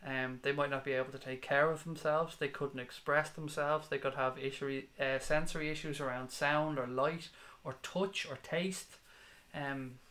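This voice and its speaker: Scouse guy in his 30s on a fan live stream, blunt and sweary, mid pitch, reading out comments. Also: steady tone, normal speed, sharp tone. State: has a headache. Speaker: football fan channel host.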